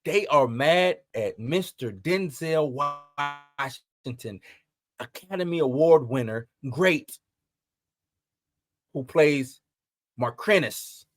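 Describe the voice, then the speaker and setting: Brief: lively male commentary host, high-pitched and animated. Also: takes it slowly, long pauses, no echo, clean studio sound. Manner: animated, emphatic, rhetorical questions. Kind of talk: entertainment news commentary.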